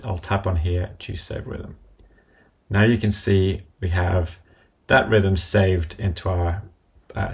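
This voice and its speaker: A man calmly demonstrating music notation software, calling out each keystroke and step as he goes. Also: lowish voice, vocal fry. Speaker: software tutorial presenter. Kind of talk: screen-recorded software walkthrough.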